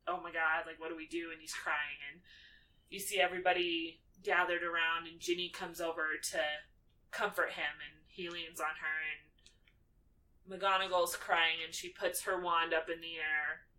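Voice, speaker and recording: Sitting far from the mic on a rough recording, a woman on the low side speaks a little slowly. In a casual movie recap for her podcast, she narrates the plot animatedly, acting out characters' lines with plenty of "like."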